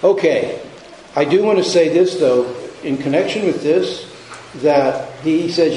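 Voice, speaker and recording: A man preaching a sermon in a conversational, halting way, often restarting and repeating his words. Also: a little high, warm tone, echoey room, slight background noise, poor audio. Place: church sanctuary.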